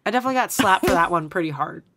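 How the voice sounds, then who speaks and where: A woman co-hosting a casual podcast, telling animated stories with lots of fillers and laughter. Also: lowish voice, very fast, background noise. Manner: animated storyteller, many fillers, laughs often. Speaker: podcast co-host. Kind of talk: casual chat.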